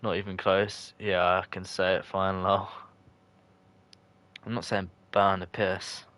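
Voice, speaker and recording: A man with a low, deep voice casually narrates his football video game on a live stream. He chats loosely with viewers and calls them by name. He jokes in slang and swears when a match goes against him. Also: level tone, slow, fairly bright tone, clean tone. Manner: chatty and loose, answers chat viewers by name. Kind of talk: casual live-stream commentary, reacting to chat.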